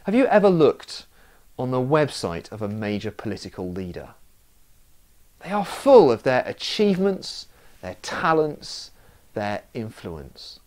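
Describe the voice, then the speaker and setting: A man's voice: mid-range voice, sing-song, unhurried, darkish tone. A man preaching a sermon, telling stories with self-mocking humour.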